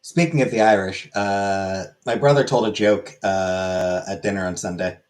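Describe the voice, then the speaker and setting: A man's voice: low voice, steady tone, normal speed, darkish tone. A man hosting a casual comedic monologue, crude and irreverent, rambling between jokes.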